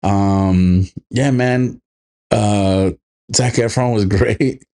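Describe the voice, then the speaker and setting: A man co-hosting a casual podcast, laid-back and swearing freely, slipping into animated quoted voices as he tells stories. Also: fairly low pitch, drawn-out words. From immigrated to the United States as a child. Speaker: podcast co-host. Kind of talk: casual chat.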